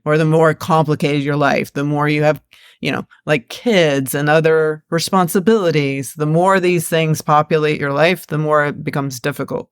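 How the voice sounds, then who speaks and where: A woman's voice: low voice, fairly even intonation, normal speed, clean tone, no room sound, studio quality. A woman in a casual podcast conversation, thinking aloud in a reflective way with frequent fillers.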